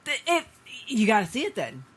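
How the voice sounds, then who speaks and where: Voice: mid-range voice, fairly quick, breathy edge. A podcast co-host in a studio, chatting casually and animatedly, firing off questions. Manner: animated, asks many questions. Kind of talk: casual chat.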